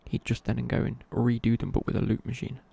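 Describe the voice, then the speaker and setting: Gravelly whispering man, whispered ASMR chat. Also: mid-range voice, completely flat delivery, fairly quick, warm tone. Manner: rambling, casual, many fillers and restarts. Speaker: ASMR creator.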